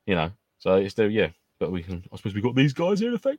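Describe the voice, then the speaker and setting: A man's voice: fairly low pitch, wildly swooping pitch, fast, darkish tone, dry recording. A man co-hosting a casual live-stream chat, jokey and laughing often, on a home mic. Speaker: podcast co-host.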